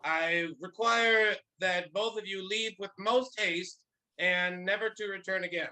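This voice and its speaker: A man doing an improv bit as a stiff, logical Vulcan gardener, formal and halting. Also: sits high, fairly even intonation, pushed and bright, heavily acted, poor audio. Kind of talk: improv comedy scene.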